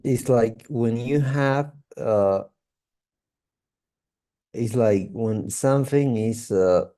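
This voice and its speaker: A man's voice: mid-range voice, mellow. A man giving a one-on-one English pronunciation lesson, patiently repeating example sentences with many fillers. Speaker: English tutor.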